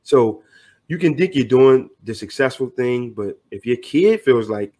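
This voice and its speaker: A man's voice: mid-range voice, animated, unhurried, warm tone. A middle-aged man talking earnestly as a podcast guest, motivational and loose with slang. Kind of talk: casual podcast conversation.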